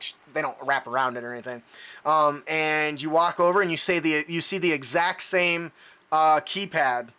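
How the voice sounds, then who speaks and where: A man's voice: on the high side, pushed and bright, smooth. A man narrating a tabletop game as game master, loose and laughing, with plenty of fillers.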